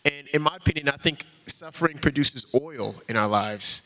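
A man's voice: a little high, moderate pace, pushed and bright, rough recording. A man preaching an informal sermon, earnest and conversational, often slipping in casual fillers as he talks.

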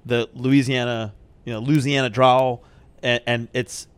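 A man's voice: mid-range voice, flat delivery, measured pace, smooth, dry recording. A man chatting casually as a podcast host, laughing often and acting out voices in his anecdotes. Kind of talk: casual chat.

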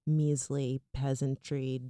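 A young adult woman co-hosting a podcast in casual chat, giggly and chatty with animated storytelling. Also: a bass voice, slow, dry recording, clean studio sound. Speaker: podcast co-host.

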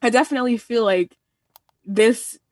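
A woman's voice: fairly high pitch, moderate pace, a little mellow, no room sound. An earnest young woman around twenty shares her views in a loose, rambling way, often starting over and acting out little quotes. She sounds a bit far from the mic in a dry space. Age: 20s. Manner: earnest, rambling with many restarts and quoted asides. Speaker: panelist. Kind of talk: casual discussion.

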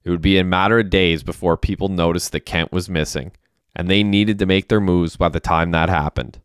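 Male story narrator, low voice, clean dry read. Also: fairly even intonation, a little fast, clear, resonant tone, dry recording. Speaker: audiobook narrator. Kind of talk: scripted narration.

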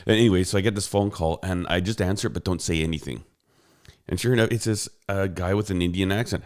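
A man chatting casually with a friend over an online call, telling animated stories and laughing often. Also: low voice, brisk. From Canada. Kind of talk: casual chat. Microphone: headphones on an online call.

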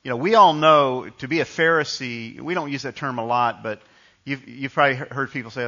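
A preacher from New York delivers a sermon, telling stories casually and restarting his sentences as he goes. His voice is bright and forceful. The recording is a little dull and lo-fi. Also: mid-range voice, fairly quick. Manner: conversational storytelling with frequent restarts. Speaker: pastor.

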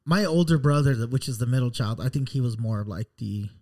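A man in casual conversation with mid-range pitch, laid-back and easygoing. He mixes his own memories with follow-up questions. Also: fast. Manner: relaxed, asks follow-up questions. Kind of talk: casual chat.

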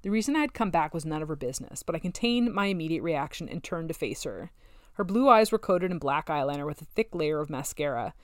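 A woman narrating a novel in the first person, with steady, wry storytelling. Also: low-pitched, fast, dry recording, studio quality. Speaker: audiobook narrator.

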